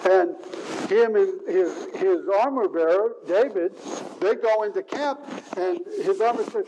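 A man's voice: high-pitched, measured pace, mellow, poor audio. A man preaching a sermon in an earnest way, stressing and repeating key words, with faint hiss behind.

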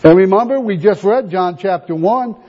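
A man's voice: high voice, normal speed, dark tone, slightly rough. A man preaching a sermon, emphatic, reading scripture and repeating rhetorical questions. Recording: dull lo-fi recording.

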